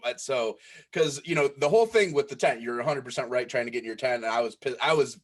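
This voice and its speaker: A man with a Detroit accent, a podcast guest, talking in halting casual chat with many fillers. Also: medium pitch.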